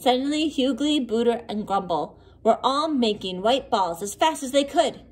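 A woman reading a children's picture book aloud in an expressive, sing-song storytelling manner. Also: a little high, normal speed. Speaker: storybook reader.

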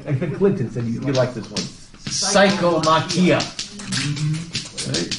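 A man lecturing as a literature professor in a classroom, animated and discursive, reading passages aloud to his students. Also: medium pitch, fast talker, gravelly, over music. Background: students in the room.

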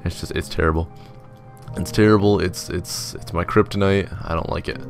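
Young male let's-player, lowish voice, loose self-mocking chatter over faint background music. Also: fairly even intonation, normal speed, creaky. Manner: chatty, rambling, self-mocking, mimics commenters in silly voices. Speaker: gaming video host. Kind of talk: casual let's-play commentary.

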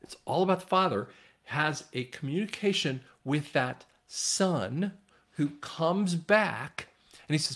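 A man's voice: on the high side, lively intonation, a little slow, fairly bright tone. A man giving informal Bible teaching, rambling with restarts and retelling scripture in a casual, conversational way.

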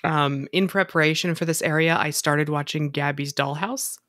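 A man's voice: fairly high pitch, fairly even intonation, normal speed, sharp tone, no room sound, studio quality. A middle-aged man hosting a podcast in casual chat, talkative and self-amused, laughing often. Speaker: podcast host.

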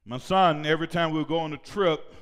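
A male pastor preaching a sermon in a church, shouting at times and leading call-and-response with the congregation. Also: fairly high pitch, brisk. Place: church sanctuary. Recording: reverberant church hall.

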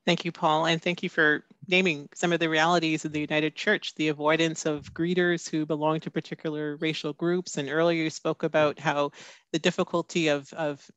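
A man interviewing a guest, speaking in a measured way with hesitant fillers. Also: a little high, little pitch movement, fairly bright tone, no room sound. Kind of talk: interview question.

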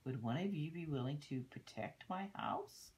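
A woman voicing a polite, admiring male hermit crab in a storybook read-aloud, asking slowly and courteously. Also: low-pitched, expressive. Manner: slow, gentle, courteous asking.

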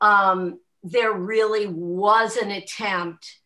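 A woman's voice: mid-range voice, fairly even intonation, extremely slow, bright, forceful tone. A woman taking part in an academic discussion, posing questions in a searching, hesitant way. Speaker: discussion participant.

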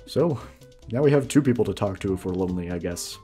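A man's voice: deep voice, expressive, quick pace, dark tone, soft background music. A man giving casual let's-play commentary, chuckling and explaining as he plays. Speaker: gamer.

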